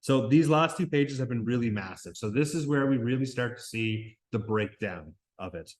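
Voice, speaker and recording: A man with a mid-range, animated voice reads a novel aloud to a class at a moderate pace. He pauses now and then to explain the text and restarts in places, making this a classroom read-aloud with commentary.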